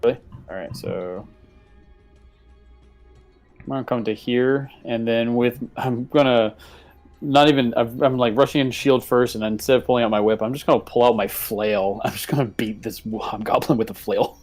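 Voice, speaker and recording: A man's voice: medium pitch, normal speed, a little mellow, soft background music. A man playing a tabletop game, talking offhandedly as he thinks through his moves. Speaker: player. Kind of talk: casual tabletop game chat.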